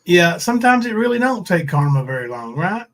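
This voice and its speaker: A man's voice: high voice, very animated, fairly quick, fairly bright tone. A man hosting a livestream, talking in a rambling, sarcastic, coarse way. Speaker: livestream host. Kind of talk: casual livestream commentary.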